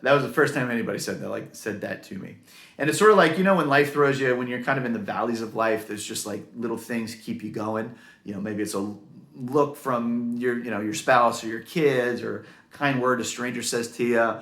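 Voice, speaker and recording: A man's voice: mid-range voice, fairly quick, a bit bright, reverberant. A man telling his own career story in an earnest, heartfelt way, with many fillers. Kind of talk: personal story to camera.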